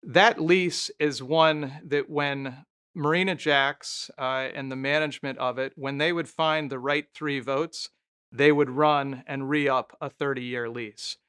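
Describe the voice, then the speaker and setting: A man's voice: mid-range voice, steady tone, takes it slowly, pushed and bright, smooth. A former mayor, a man, telling candid stories as a guest in a conversational interview. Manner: candid, anecdotal, thinking aloud.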